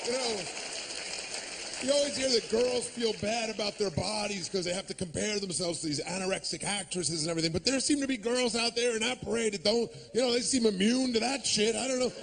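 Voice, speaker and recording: A man's voice: high voice, brisk, gravelly, fairly bright tone, slight background noise. A man performing a stand-up comedy set, sarcastic and ranting, cursing freely and acting out the people he quotes. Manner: profane.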